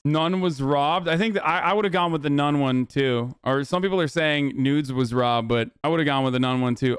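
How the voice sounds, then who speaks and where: Brash high-voiced male streamer. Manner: brash, swearing, self-mocking. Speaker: streamer host. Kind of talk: casual stream commentary.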